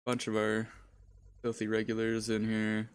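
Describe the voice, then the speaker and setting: A man's voice: fairly low pitch, completely flat delivery, a little slow, smooth. A man commentating a live sim racing stream, joking around, laughing often and stumbling over names. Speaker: race commentator.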